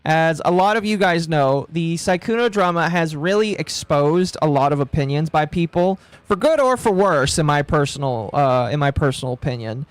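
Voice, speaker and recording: A woman's voice: low-pitched, lively intonation, normal speed, hardly any pauses, no room sound. A woman streamer talking casually to her live chat, rambling and repeating herself with frequent laughs. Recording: dry close mic with background music.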